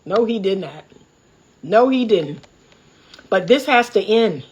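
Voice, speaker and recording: A woman's voice: mid-range voice, lively intonation, slow, a little mellow, husky, lo-fi sound. A middle-aged woman from the Washington D.C. area, hosting a livestream, talking in a fired-up, preachy and candid way. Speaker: relationship coach and host. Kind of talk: livestream commentary monologue.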